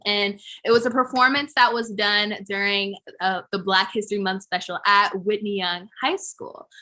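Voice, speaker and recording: A woman's voice: medium pitch, sharp tone. A teenage girl hosting a talk show, introducing a clip in a gushing, enthusiastic way. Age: teens.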